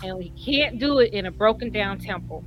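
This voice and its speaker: A woman, co-hosting a casual chat and giving earnest, animated advice. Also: medium pitch, moderate pace, background noise. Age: 50s. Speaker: co-host.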